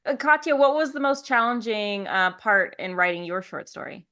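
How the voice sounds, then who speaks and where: A woman's voice: on the high side, animated, moderate pace, pushed and bright. American woman hosting a podcast. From United States. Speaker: podcast host. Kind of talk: casual podcast interview.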